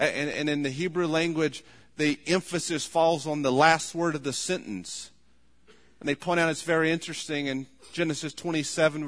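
Earnest preaching man in a reverberant hall. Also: a little high. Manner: earnest, rises to loud pleading when quoting. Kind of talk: sermon.

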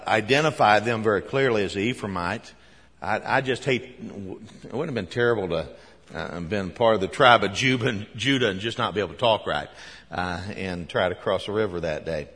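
Male pastor, low voice, unhurried conversational sermon full of ums and restarts, long church reverb. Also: fairly bright tone, husky. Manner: conversational with many fillers and restarts. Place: church sanctuary.

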